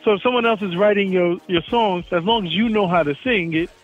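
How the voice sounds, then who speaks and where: A man in casual chat who puts his points forward calmly, often stammering before he gets going. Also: high voice, phone-quality sound, faint music behind. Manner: measured, stammers at the start of points. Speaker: podcast co-host.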